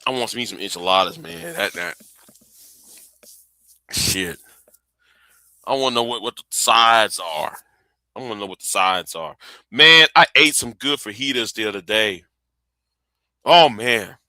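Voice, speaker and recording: A man's voice: lowish voice, expressive, unhurried, long pauses, bright, forceful tone, no echo. A man chatting casually on his live stream, rambling and profane, often repeating words while he thinks.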